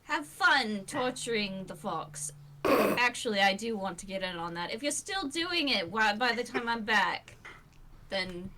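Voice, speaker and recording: A woman player in a tabletop game, speaking in a hesitant, polite and halting way. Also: mid-range voice, animated, background noise. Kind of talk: tabletop role-play.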